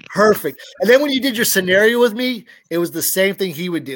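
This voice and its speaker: A man's voice: high-pitched, lively intonation, moderate pace, a bit bright, no echo. A man chatting casually as a podcast guest, rambling with restarts and asides. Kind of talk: casual chat.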